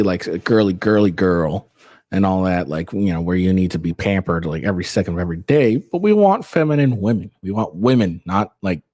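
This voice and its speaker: Rambling young man, lively deep voice. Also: no room sound. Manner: rambling, repeats words, laughs between points. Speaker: show host. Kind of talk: casual opinion commentary.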